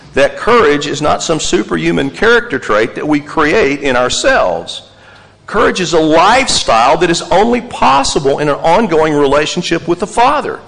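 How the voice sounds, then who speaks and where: A man preaching a sermon as pastor, telling animated stories and driving points home with repeated, emphatic lists. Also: a little high, gravelly, big-room sound, low-quality recording.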